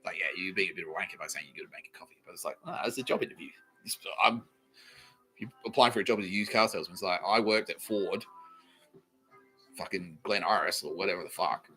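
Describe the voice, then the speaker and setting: A young Australian man rambles through a comic story for his podcast, cursing freely and putting on the voices of the people he quotes. His voice has a bright, forward edge. Faint music runs underneath. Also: deep voice, quick pace. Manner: profane, laughing, acts out quoted people. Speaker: podcast host. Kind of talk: comedic storytelling monologue.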